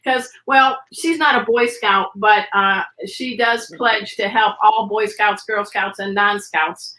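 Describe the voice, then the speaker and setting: A woman guest on a video podcast, teaching pet first aid with an energetic, demonstrative manner. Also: mid-range voice, slow. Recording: roomy echo.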